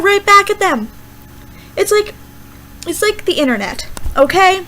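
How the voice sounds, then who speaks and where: A young woman, a student, rambling casually through a Bible verse vlog with lots of fillers and animated asides. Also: very high-pitched, a little fast, low-quality recording. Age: young adult. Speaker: student vlogger.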